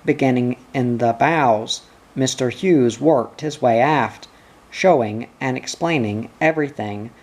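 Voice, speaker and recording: A man narrating an audiobook in a measured reading style. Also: mid-range voice, darkish tone.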